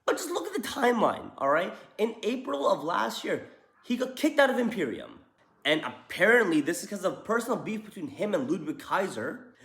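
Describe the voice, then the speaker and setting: Host, young man, high lively voice, jokey slangy wrestling takes, roomy echo. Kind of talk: casual opinion commentary.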